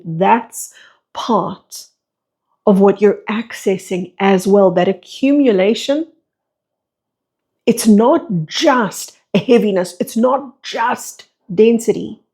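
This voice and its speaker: A woman's voice: mid-range voice, dark tone, breathy edge. A woman speaking as a spiritual teacher and breathwork facilitator, delivering a flowing monologue full of repeated rhetorical questions.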